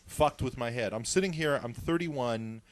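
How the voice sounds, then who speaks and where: A man's voice: mid-range voice, normal speed. A man in his thirties in a radio studio, talking emphatically and profanely, with stammering restarts. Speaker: studio regular on talk radio. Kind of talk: casual studio chat.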